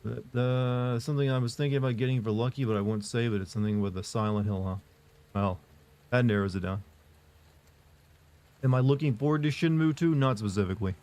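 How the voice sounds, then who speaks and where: A man talking casually on a livestream, reading and answering chat. His delivery is flat and monotone, at a middle pitch, and he rambles with fillers and restarts. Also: fairly quick. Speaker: streamer answering live chat.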